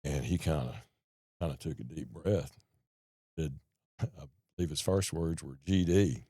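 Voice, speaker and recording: A middle-aged man, a podcast guest telling his story in a folksy, animated way and acting out the people in it. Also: very deep voice, measured pace, slightly rough, no room sound, studio quality. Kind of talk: casual storytelling conversation.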